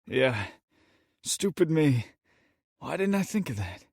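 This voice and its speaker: A man's voice: fairly high pitch, very animated, slow pace, gravelly, a little mellow, husky, no echo, clean studio sound, pitched above the performer's own voice, full character voice. A man voicing a wounded young man who talks weakly and wryly through pain. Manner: weak, strained.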